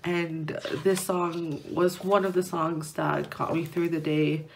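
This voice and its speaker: Slow, giggly young woman vlogger. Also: low voice, level tone, vocal fry, a little hiss or hum. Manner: rambling and giggly, many restarts and filler words. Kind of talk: casual chat while unboxing an album. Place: indoors at home near a window.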